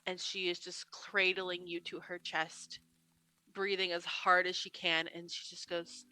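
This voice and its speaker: A woman narrating as game master of a tabletop role-playing game, telling the scene slowly and gently. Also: fairly low pitch, flat delivery, a little hiss or hum, poor audio.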